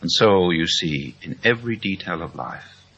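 Deep gravelly guy telling a church story, slow and earnest, husky and a bit lo-fi. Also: animated, a bit bright. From England. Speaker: speaker at a Christian meeting. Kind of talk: testimony talk. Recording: dull lo-fi recording.

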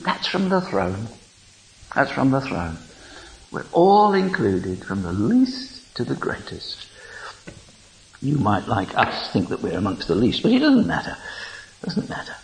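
Male preacher, unhurried and gravelly, swoops up in pitch, chuckles as he reads. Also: poor audio. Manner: animated, digressive, chuckling between lines. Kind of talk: informal sermon with scripture reading.

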